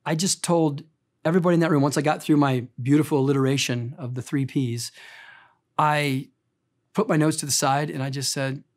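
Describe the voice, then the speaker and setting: A man in his fifties preaching a sermon as pastor, impassioned and emotional, swinging between loud emphatic lines and quiet confiding ones. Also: fairly high pitch, fairly even intonation, fairly quick. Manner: emotional, speaks of being easily choked up.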